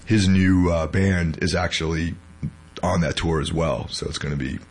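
A man's voice: low-pitched, steady tone, moderate pace, slight background noise. A man hosting a podcast, still sick and sounding weak, talking casually with lots of fillers. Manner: rambling, filler-heavy. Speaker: podcast host.

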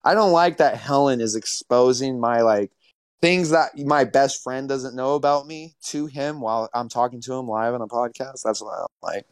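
A young man hosting a casual podcast, talking in an animated, profane way and repeating himself. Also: medium pitch, normal speed, dry recording. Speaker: podcast host.

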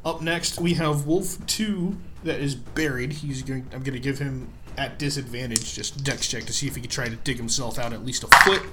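A young man narrating a tabletop game as game master, lively and chatty, often laughing. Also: medium pitch, normal speed, few pauses, noisy background.

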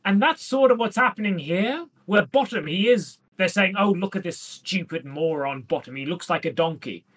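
A woman co-hosting a casual comedy podcast, talking in a deadpan, playful way and slipping into silly voices. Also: fairly low pitch, normal speed, few pauses, breathy edge. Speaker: podcast co-host. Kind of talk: casual comedic chat about Shakespeare.

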